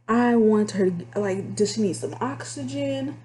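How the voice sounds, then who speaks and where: A young woman from Texas with a Texan accent, candidly telling stories about her call center job in a casual, animated, drawling way. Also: mid-range voice, a little slow. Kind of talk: casual storytime vlog.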